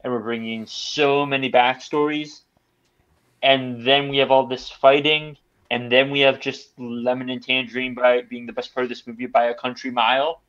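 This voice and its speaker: Male podcast guest, mid pitch, rambles with restarts, muffled lo-fi sound. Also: flat delivery, normal speed, a bit bright. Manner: rambling, many restarts and stammers. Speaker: film reviewer. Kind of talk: casual podcast chat. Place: podcast studio.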